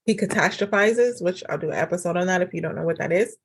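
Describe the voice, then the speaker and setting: A woman talks through a casual solo podcast episode, giving relationship advice in a chatty, animated way. Her voice sits a little low for a woman, and she fills her sentences with "like" and "um.". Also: quick pace, creaky, husky. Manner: chatty and animated, acts out quoted dialogue; frequent fillers like "like" and "um". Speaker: podcast host and relationship coach.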